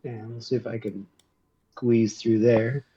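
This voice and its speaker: A man playing a tabletop game, thinking aloud in a deliberate, casual way. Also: mid-range voice, little pitch movement, dark tone, muffled recording. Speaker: player.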